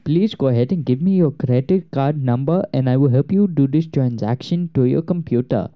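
A man's voice: mid-range voice, moderate pace, close to an everyday voice. A man putting on a fake-polite scam tech-support caller. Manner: overly polite scripted patter. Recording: dull lo-fi recording.

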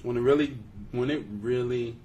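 A man's voice: mid-range voice, fairly even intonation, moderate pace, mellow, distant mic, slight background noise. A man hosting a podcast in casual chat, joking and laughing often as he teases his co-hosts. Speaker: podcast host.

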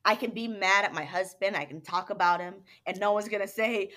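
A woman's voice: mid-range voice, fairly quick, hardly any pauses, bright, forceful tone. A young adult woman, a dance company owner and interview guest, telling stories animatedly, acting out quotes and laughing often. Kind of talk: casual interview chat.

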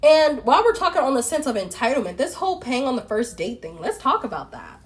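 A woman with a fairly high voice holds forth in a casual monologue, firing off rhetorical questions. She is blunt and opinionated and talks straight to the listener. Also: very animated, fast. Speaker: relationship commentator.

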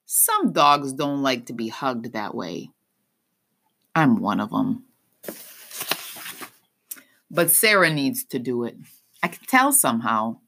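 A woman reads an audiobook in a low, unhurried voice. Her delivery is expressive and melodic, rising and falling widely through each sentence. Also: creaky, slight background noise. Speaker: audiobook narrator. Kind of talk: first-person audiobook narration.

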